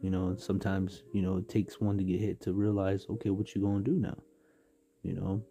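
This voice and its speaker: A man's voice: low voice, level tone, brisk, dark tone, faint music behind. A man from San Diego giving a casual spoken devotional on a livestream, rambling with many fillers and street slang. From San Diego, California. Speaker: livestream preacher.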